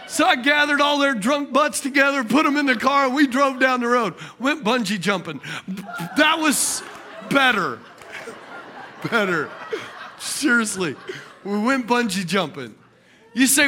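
Male preacher, high bright voice, animated comic sermon style. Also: normal speed. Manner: animated, jokey, calls out to the congregation.

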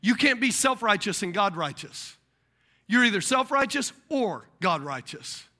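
A middle-aged man delivers a sermon in a strikingly high voice. His pitch leaps around as he acts out the voices of the people in his stories, and his tone is bright and forceful. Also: a little slow. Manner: animated preaching with acted-out voices. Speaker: pastor.

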